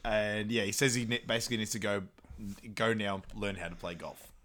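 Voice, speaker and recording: A man co-hosting a podcast, casually recapping a film, laughing often and loudly acting out quotes. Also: lowish voice, fairly quick. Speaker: podcast co-host.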